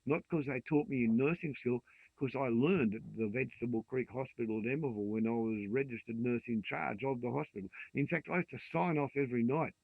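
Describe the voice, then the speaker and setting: Ranting profane older Australian man, gravelly. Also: medium pitch, fairly quick, no room sound. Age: 60s. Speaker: vlogger. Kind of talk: angry rant to camera. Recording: dry tinny phone-like sound.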